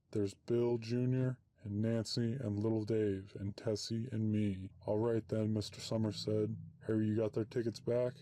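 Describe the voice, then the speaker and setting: A man's voice: lowish voice, warm tone, no room sound. A man reading a short story aloud, voicing every character in the same plain way. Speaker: narrator.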